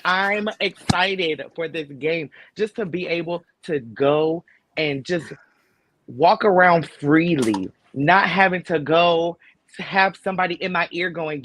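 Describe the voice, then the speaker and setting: A man on a gaming podcast panel, talking in an animated, joking way. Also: a little high, a little slow, dry recording. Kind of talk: casual panel chat.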